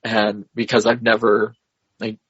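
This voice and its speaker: Husky guy on a podcast going through the plot step by step, kinda hesitant, dry dull sound. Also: fairly low pitch, completely flat delivery, a bit bright, dry recording. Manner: measured, hesitant, recounts scenes step by step. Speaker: podcast co-host. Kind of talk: casual film discussion, retelling the plot.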